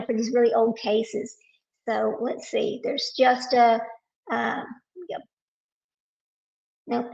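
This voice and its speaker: A woman's voice: fairly high pitch, creaky, highs cut off. A woman hosting a casual live stream, talking to viewers while searching her computer and getting frustrated.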